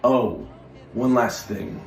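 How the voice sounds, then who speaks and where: A man voicing a smug, scheming king in an animated tabletop-game sketch, speaking slowly and sneeringly in a deep voice. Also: gravelly, music in the background. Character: smug scheming male king, sly and menacing.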